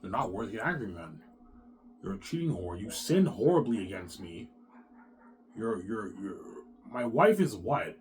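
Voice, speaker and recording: A vlogger with a lowish voice gives his viewers a long, rambling monologue, swearing often, repeating the same points, and restarting sentences again and again. His pitch swings widely at a moderate pace, with a faint hum under the recording.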